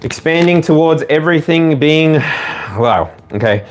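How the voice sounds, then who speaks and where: A man's voice: a little high, animated, a little slow. An Australian man giving a casual tarot reading at home, rambling with many fillers and speaking straight to the viewer. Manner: loose and rambling, frequent fillers; direct second-person address to the viewer. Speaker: tarot reader.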